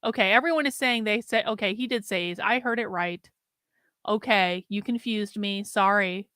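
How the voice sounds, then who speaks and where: A woman hosting a casual reaction show, chatting in quick, gossipy asides. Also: medium pitch, a bit bright, clear, resonant tone, dry recording, studio quality. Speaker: host reacting to clips.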